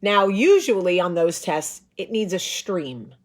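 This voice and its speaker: With a fairly low, expressive voice and an unhurried delivery, a female show host in her thirties recounts a comic story, profane, dramatic, and emphatic.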